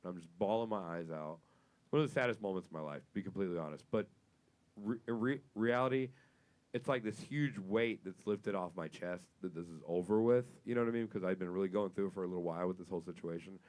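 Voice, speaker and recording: A man's voice: low voice, fast. Profane stand-up comic man telling a story. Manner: profane, storytelling, rising to loud punchlines. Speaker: stand-up comedian. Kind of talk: stand-up comedy set. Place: comedy club stage with audience laughter.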